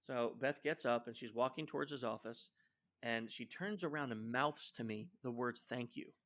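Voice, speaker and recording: A man as a podcast guest who tells a long work story in an animated way, slipping into other people's voices for quoted lines. He talks with plenty of fillers and restarts, and his pitch sits in the middle. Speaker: guest social engineer.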